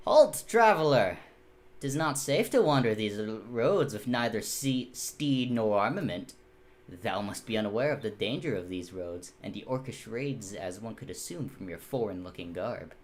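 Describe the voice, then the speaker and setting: A man voicing a pompous young male knight who talks in mock-archaic speech, slow and loud, for a tabletop game. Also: lowish voice, expressive, close to an everyday voice.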